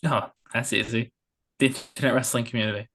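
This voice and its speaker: Man, podcast contestant, wry, self-deprecating, mid-pitched voice. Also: steady tone, fairly quick, a bit bright. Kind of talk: casual podcast chat.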